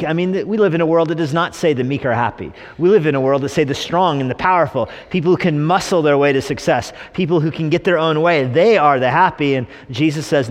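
Middle-aged guy pastor giving a sermon, jokey and lively, does little mock voices, echoey church hall. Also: fairly high pitch, fairly quick. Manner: humorous, animated preaching with mock voices. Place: church sanctuary.

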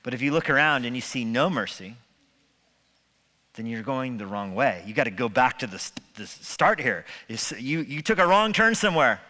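Guy preaching sunday sermon, chatty jokey, asks the room questions, bright tone, big echoey church. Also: medium pitch, big pitch swings, moderate pace. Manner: conversational preaching with humor and rhetorical questions. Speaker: pastor. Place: church sanctuary. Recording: long hall reverb.

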